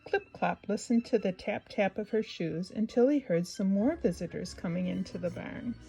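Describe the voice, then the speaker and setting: A woman reading a children's picture book aloud in a gentle, expressive way, pausing for asides to the young listener. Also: medium pitch, gravelly, faint music behind, low-quality recording. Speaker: storybook reader.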